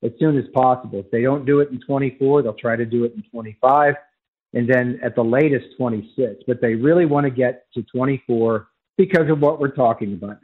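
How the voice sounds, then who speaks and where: A man's voice: mid-range voice, slightly rough. A man calling in as a college football writer, giving emphatic, argumentative analysis on sports radio over a phone line.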